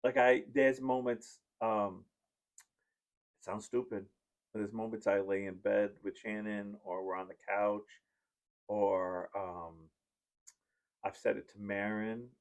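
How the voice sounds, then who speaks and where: A man's voice: fairly low pitch, little pitch movement, slow pace, long pauses. A man hosting a podcast and chatting casually, telling rambling, heartfelt stories as a parent. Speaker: podcast host. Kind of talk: casual chat.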